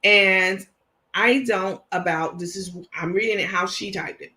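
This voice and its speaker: A woman with a New York accent hosts a livestream and comments on what she reads aloud. Her voice is bright and sharp. She is emphatic and indignant throughout. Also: mid-range voice, a little slow. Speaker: host.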